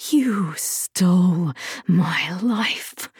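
A woman's voice: medium pitch, slow, gravelly, warm tone, breathy edge, no room sound, clean studio sound, exaggerated voice. A woman voicing a vengeful female villain who taunts and hisses at her prey. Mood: menacing. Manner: taunting, hissing, singsong.

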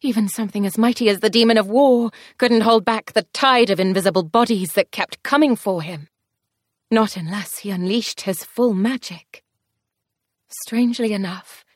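Woman narrating a dark fantasy tale. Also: mid-range voice, dry recording, studio quality. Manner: expressive, tense storytelling pace shifts. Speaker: audiobook narrator. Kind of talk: first-person dramatic fantasy narration.

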